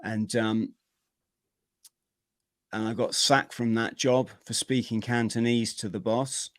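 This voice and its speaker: A middle-aged man, a podcast guest, telling his own story in a vivid, energetic way with plenty of slang. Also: mid-range voice, slow, dry recording, studio quality. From Britain. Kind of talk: personal storytelling in an interview.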